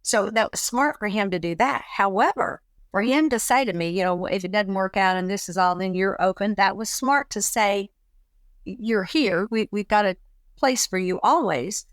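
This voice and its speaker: A middle-aged woman talking in a relaxed chat, telling a personal story and acting out the voices of people in it. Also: medium pitch, normal speed, dry recording. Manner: animated, acts out quoted dialogue. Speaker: guest.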